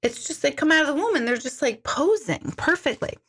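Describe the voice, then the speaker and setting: A woman's voice: sits high, lively intonation, a little fast, fairly bright tone. A woman in her forties chatting candidly on a live stream, rambling with many fillers and jumping into exaggerated quoted voices. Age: 40s. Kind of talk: casual live-stream chat.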